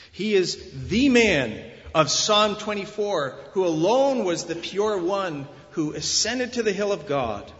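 Slow, emphatic male preacher in a hall. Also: fairly high pitch, a bit bright, muffled recording. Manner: emphatic preaching, with measured, deliberate pauses. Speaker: pastor. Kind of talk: sermon. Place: church sanctuary.

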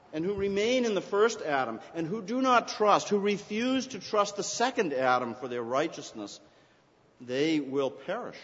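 Preaching man in an echoing hall. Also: on the high side. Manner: earnest, rising to emphatic scripture readings. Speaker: pastor. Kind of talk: sermon. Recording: dull recording in a reverberant hall.

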